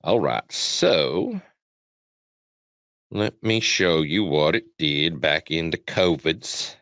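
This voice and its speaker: A man's voice: very deep voice, expressive, slow pace, a bit bright, dry recording. A man presenting a trading webinar in a casual, repetitive way, often quizzing his listeners, on dull lo-fi webinar audio. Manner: chatty, repetitive, asks the audience questions. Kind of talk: casual live chart walkthrough.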